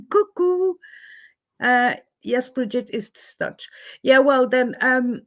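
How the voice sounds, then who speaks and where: A woman's voice: fairly high pitch, steady tone, slow. A woman from Switzerland hosts a casual livestream chat from home on a webcam, greeting viewers by name between many fillers. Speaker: livestream host. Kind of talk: casual live-stream chat.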